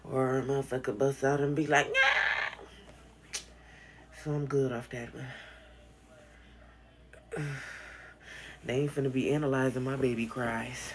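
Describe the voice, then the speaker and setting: A woman's voice: very deep voice, fairly even intonation, normal speed, pauses often, background noise. A woman hosting a casual livestream from her bedroom on her phone, blunt and profane, chatting loosely and thanking viewers for gifts. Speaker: livestream host.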